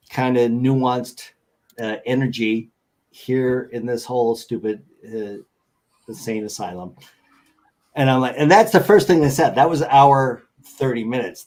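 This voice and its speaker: Animated man telling a wild story. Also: medium pitch, low-quality recording. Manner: animated, acts out other people's voices. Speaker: guest. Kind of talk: storytelling anecdote.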